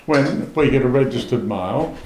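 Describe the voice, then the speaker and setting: A man's voice: mid-range voice, moderate pace, a little mellow, slight background noise. An older Australian man, a farmer, telling an aggrieved story in casual talk and acting out both sides of the conversations he describes. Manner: aggrieved, retells dialogue in long runs. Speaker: farmer interviewee. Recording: roomy echo.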